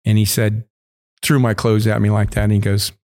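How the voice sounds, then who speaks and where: A man's voice: completely flat delivery, brisk. Foul-mouthed man telling a long story. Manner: heavy swearing, loose rambling storyteller; acts out other people's shouting in sudden high bursts. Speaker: interview guest. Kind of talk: casual storytelling.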